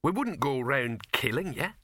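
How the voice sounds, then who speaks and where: A man voicing a dim, friendly male troll actor in an audiobook, talking in a slow plodding way. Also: medium pitch, sing-song, bright, forceful tone, no room sound, clean studio sound, heavily acted. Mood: reassuring.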